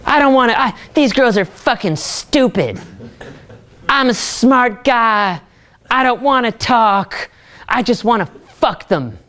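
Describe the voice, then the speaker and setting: A man's voice: very high-pitched, lively intonation, takes it slowly, sharp tone, exaggerated voice. A man putting on the voice of a bitter young male gamer who hates talking to people, whiny and crude.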